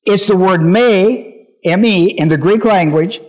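A man's voice: high-pitched, a little slow, darkish tone. A male pastor teaching a Bible lesson, emphatic, repeating key phrases and often asking whether listeners understand.

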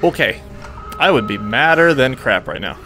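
A man's voice: medium pitch, expressive, moderate pace. A man giving joking let's play commentary, talking to himself as he plays and jumping at scares. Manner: talks to himself, jumpy and joking. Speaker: gaming channel host. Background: game music.

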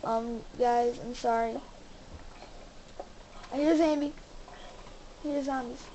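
A young woman hosting a gaming channel, giving casual commentary as she plays and talking excitedly to her viewers. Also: fairly high pitch, slow, slight background noise, rough recording. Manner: excitable, exclaims and talks to viewers.

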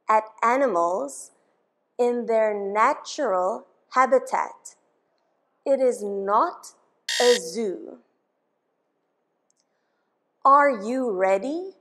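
A woman teaching a children's English lesson, her voice pitched a little high. She speaks extremely slowly, asking simple questions and pausing so young listeners can repeat each word after her. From South Africa. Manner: patient, asks questions and has listeners repeat words.

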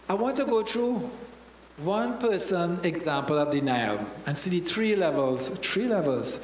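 A man's voice: a little high, echoey room, big-room sound, slight background noise, rough recording. A man, a church elder, preaching a sermon and acting out voices from the story. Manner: preaching, acts out voices in scripture stories.

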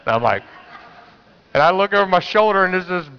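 A man's voice: high voice, lively intonation, brisk, smooth, in a large hall, highs cut off. A man preaching a sermon as pastor, telling stories in a conversational way and urging the congregation to answer back. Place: church sanctuary.

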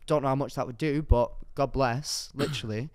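A young man co-hosts a casual podcast, telling stories with excitable energy and sudden loud jumps. His voice is smooth and clear, recorded close and dry in a studio. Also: medium pitch, fairly quick, no room sound. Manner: excitable storytelling, rising to loud bursts. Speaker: podcast co-host. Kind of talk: casual chat.

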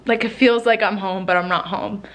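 Speaking at medium pitch with a steady tone and moderate pace, a young New Jersey woman vlogs from her living room. She's slightly breathless and emotional, swearing and saying "like" constantly in casual chat.

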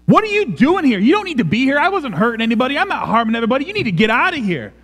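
A man voicing a tormented demon-possessed man who shouts at and pleads with the one confronting him. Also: fairly high pitch, sing-song, unhurried, big-room sound. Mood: panicked hostility.

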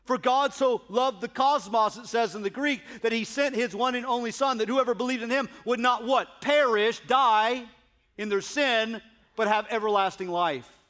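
A man preaching a sermon as pastor, emphatic, swinging from loud declarations to hushed asides. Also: very high voice, normal speed.

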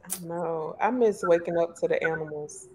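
Woman, panelist, deep, gravelly, relaxed, faint background noise. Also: moderate pace, poor audio. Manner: relaxed, agreeable, casual slang. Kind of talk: casual panel chat.

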